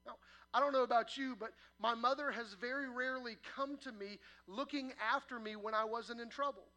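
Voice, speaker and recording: High bright-voiced pastor preaching. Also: male voice, steady tone, a little fast. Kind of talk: sermon. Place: church sanctuary.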